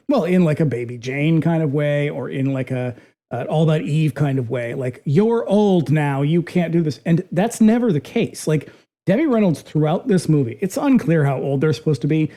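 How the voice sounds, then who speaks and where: Casual podcast co-host; animated, salty delivery, warm dark tone. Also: mid-range voice. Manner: animated, profane, acts out quotes. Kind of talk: casual film discussion.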